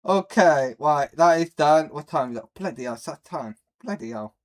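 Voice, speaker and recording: A man's voice: on the high side, expressive, normal speed. A British man chatting casually on a live stream, rambling, answering chat and swearing offhand with lots of ums and uhs. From Britain.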